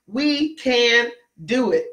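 A woman's voice: on the high side, lively intonation, drawn-out words, fairly bright tone. A woman preaching a Bible teaching to an online audience, emphatic and repetitive, tagging her points with "right?" and greeting viewers by name. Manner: repetitive, keeps asking "right?"; emphatic, acts out quotes in raised voices. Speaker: preacher in a ministry.

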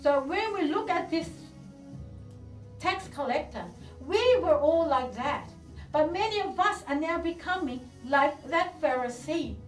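A woman's voice: high voice, expressive, measured pace. A woman pastor delivering a sermon, preaching with fervent rhetorical questions and repeated words. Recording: echoey room from a distance with faint music.

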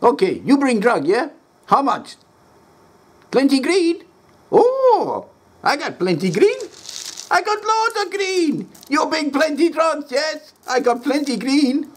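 A man's voice: very high voice, very animated, slow pace, voice pushed up, full character voice. A man voicing an eager caller who speaks in broken English. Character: male caller in broken English ordering drugs.

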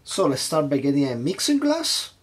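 A man's voice: on the high side, wildly swooping pitch, moderate pace. A man hosting a casual cocktail-making vlog at his home bar, chatty and hesitant, nervously poking fun at himself. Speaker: home bartender host.

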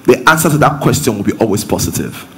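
Lively Nigerian pastor preaching. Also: male voice, lowish voice, quick pace, slight background noise. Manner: lively, rising to emphatic preaching. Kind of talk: interactive sermon.

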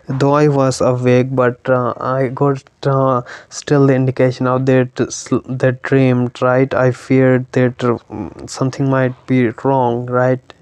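A man teaches a poem slowly, stopping often to check with his listeners. His voice is smooth and clear, with a flat, even delivery. The recording is dry and close, with no room sound. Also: mid-range voice, dry recording. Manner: hesitant, many fillers and "right?" checks. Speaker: literature teacher. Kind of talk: explaining a poem line by line.

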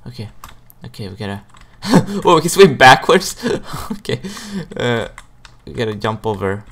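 A young man hosting a gaming video, giving casual gameplay commentary with frequent excited exclamations and giggles. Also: medium pitch, measured pace.

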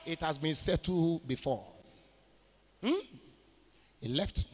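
A Nigerian pastor preaching with a high, bright voice that climbs and drops all over. He asks questions for the congregation to finish and breaks into shouted declarations. The sound rings with the long echo of a church hall. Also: lively intonation, takes it slowly. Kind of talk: sermon.

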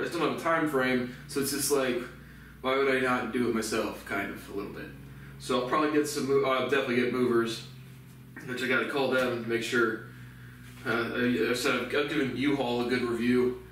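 A man's voice: medium pitch, fairly bright tone, slight background noise. Sarcastic swearing man in echoey room. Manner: profane, sarcastic, chuckling. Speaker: vlogger. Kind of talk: casual rambling monologue. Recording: very echoey room, distant mic.

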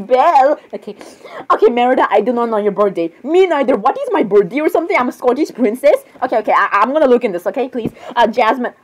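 A woman performing a playful fan role-play skit, voicing several princesses with excitable, dramatic exclamations and flustered restarts. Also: sits high, fast talker, low-quality recording.

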